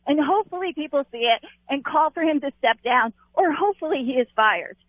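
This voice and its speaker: A woman calling into a radio show, stating her views forcefully and insistently. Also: sits high, lively intonation, fairly quick, no echo. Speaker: caller. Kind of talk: call-in radio opinion. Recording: dry phone line.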